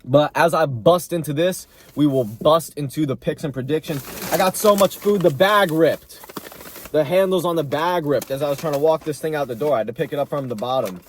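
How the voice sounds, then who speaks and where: A man's voice: on the high side, fairly quick. A man hosting a casual food vlog, joking and rambling while he eats. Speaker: mukbang host giving fight picks.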